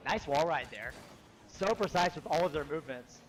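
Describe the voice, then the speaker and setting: A young man giving relaxed, jokey color commentary and analysis on an esports match. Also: a little high, moderate pace, slight background noise, rough recording.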